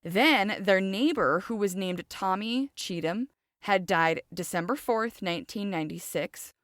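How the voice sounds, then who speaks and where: A woman's voice: mid-range voice, unhurried, a bit bright, dry recording, clean studio sound. A woman hosting a true crime podcast, narrating a case casually with chatty personal asides and questions to her listeners.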